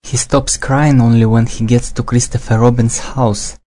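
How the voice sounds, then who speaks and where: Storyteller: male, mellow tone, steady read-aloud pace for a children's book. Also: medium pitch, normal speed. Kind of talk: storybook reading.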